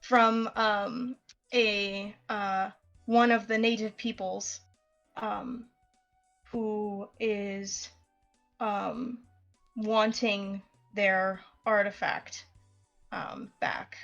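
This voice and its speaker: A sleazy, scheming nobleman with criminal ties, put on by a woman. He talks slowly and haltingly, reaching for a German accent that keeps slipping. His voice sits fairly high for a man. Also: fairly bright tone, highs cut off, soft background music. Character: sleazy scheming male nobleman, crime boss.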